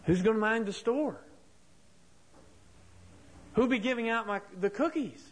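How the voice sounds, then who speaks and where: A man's voice: high-pitched, expressive, unhurried, pitched above the performer's own voice. A man voicing a childlike, innocent big bird who asks plaintive questions. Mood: bewildered.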